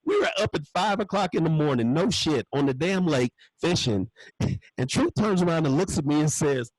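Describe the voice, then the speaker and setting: A middle-aged male stand-up comedian rants in a husky, fairly high voice. His pitch jumps all over as he swears his way through each point. The sound is dry and close. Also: moderate pace, dry recording, poor audio. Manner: profane, animated, ranting with frequent curse words.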